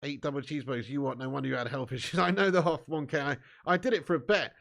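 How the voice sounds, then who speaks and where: A man's voice: medium pitch, fairly even intonation, fast, creaky, fairly bright tone. Laughing, joking streamer man. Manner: jokey banter, laughs often. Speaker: football watch-along streamer. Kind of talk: casual live-stream chat, reading out viewer comments.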